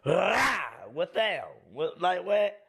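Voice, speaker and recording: A man doing a high barking bully. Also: big pitch swings, slow, a bit bright, husky, heavily acted. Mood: taunting. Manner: taunting, barking, crude. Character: hostile grown man barking threats.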